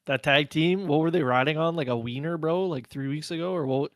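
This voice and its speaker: A man's voice: on the high side, a little fast, fairly bright tone. A man co-hosting a podcast, joking around in a slangy, casual way. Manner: jokey, slangy, says bro a lot. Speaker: podcast co-host. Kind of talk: casual chat.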